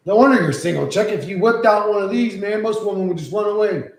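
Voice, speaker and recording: A man streaming live, chatting loosely with lots of swearing and cooing softly to his pet. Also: high-pitched, fast talker, roomy sound, low-quality recording. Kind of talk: casual live-stream chat.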